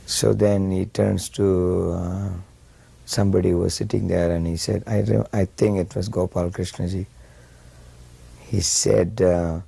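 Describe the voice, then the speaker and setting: A man's voice: low-pitched, measured pace, gravelly, breathy edge, dry recording. A man telling an anecdote, his voice jumping up when he acts out the dialogue. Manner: animated when quoting, voice jumps up for dialogue. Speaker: disciple recalling his teacher.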